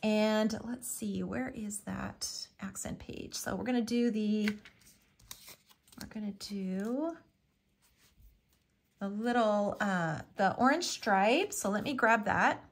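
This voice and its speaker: A woman's voice: mid-range voice, slow, creaky, pauses often. A middle-aged woman hosting a live papercraft tutorial, chatty and homey, with frequent ums and lots of "little" and "so cute". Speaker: craft tutorial host.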